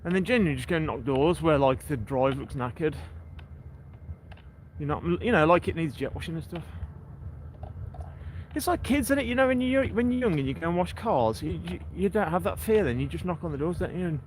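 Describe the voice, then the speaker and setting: A man rambles on a walking livestream by the sea, greeting viewers by name as he goes. His voice swings lively up and down and sits a touch high. A faint hum of outdoor noise runs behind him. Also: fairly quick, poor audio. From England. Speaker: livestream host. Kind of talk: casual walking livestream chat. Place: outdoors on a seaside breakwater.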